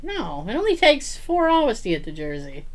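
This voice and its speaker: A woman's voice: fairly high pitch, moderate pace, very noisy. A woman co-hosting a podcast, telling a story in casual chat, acting out what people said and laughing often. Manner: animated storyteller, acts out quotes, laughs often. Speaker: podcast co-host.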